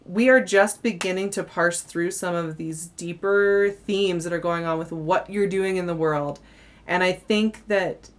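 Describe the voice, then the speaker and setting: A young woman talks through a monthly tarot reading in a chatty, effusive way, full of little laughs and fillers. She sounds a bit tired. Her voice sits somewhat low. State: yawning, tired. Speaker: tarot reader.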